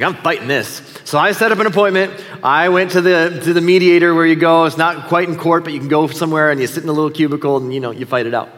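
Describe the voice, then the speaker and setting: A man's voice: on the high side, fairly bright tone. A middle-aged man preaches in a slightly raised, easy voice, spinning a self-deprecating story for his congregation. His words ring out with a long reverb, as in a big hall. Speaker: pastor. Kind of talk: sermon.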